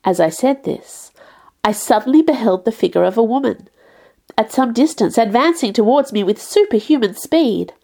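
A woman's voice: fairly high pitch, animated, normal speed, creaky, dark tone. Woman reading a classic novel aloud. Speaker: audiobook narrator. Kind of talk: scripted literary narration.

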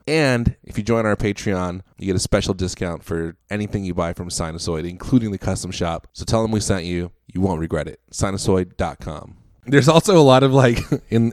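With a deep, slightly mellow voice, a man co-hosting a podcast tells a story in casual chat, laughing a lot as he goes. The sound is studio quality with no echo.

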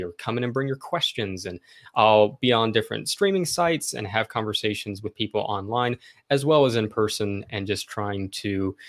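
Earnest young man with a low voice. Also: fairly bright tone. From American South. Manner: friendly and earnest, explaining at length. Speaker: podcast guest. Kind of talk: casual interview chat.

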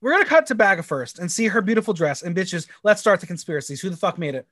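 Podcast co-host, man, high and very lively voice, dry close sound, camp and chatty. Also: quick pace, dry recording. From United States. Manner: animated, laughs often, camp and swearing. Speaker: podcast co-host recapping a TV show. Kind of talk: casual chat.

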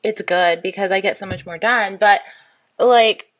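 A woman's voice: mid-range voice, unhurried. A woman co-hosting a casual chat podcast, bubbly and upbeat, breaking into laughter often. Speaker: podcast co-host.

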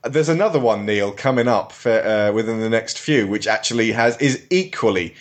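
A man's voice: on the low side, normal speed. A man hosting a casual comedy panel podcast, sarcastic and laughing often. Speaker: podcast host.

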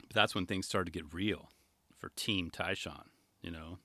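A man giving a jokey, rambling reaction commentary on a skateboarding video. He jumps from loud asides to quiet mumbles. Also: deep voice, moderate pace, no echo, studio quality. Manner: animated, jokey, trails off into mumbles.

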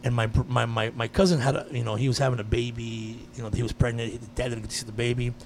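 A man in casual chat, telling a personal story with lively energy and frequent swearing. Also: medium pitch, quick pace. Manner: animated storyteller, swears freely.

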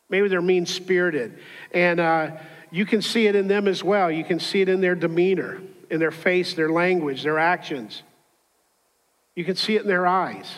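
A male pastor with a high, light voice preaches in a church, mixing scripture with a humorous personal story. He talks conversationally and drops into little character voices. His voice carries a long hall reverb. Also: a bit bright. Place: church auditorium.

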